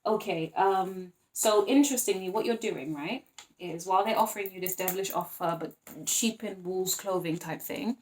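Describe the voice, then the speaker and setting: Female tarot reader, mid pitch, chatty and animated. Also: normal speed. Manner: chatty and animated, acts out little scenes, laughs often. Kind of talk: casual tarot reading to viewers.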